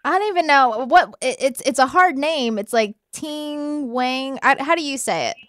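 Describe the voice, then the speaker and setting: Playful high-voiced female co-host. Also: animated, fairly quick, a bit bright, no echo. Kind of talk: casual talk show banter.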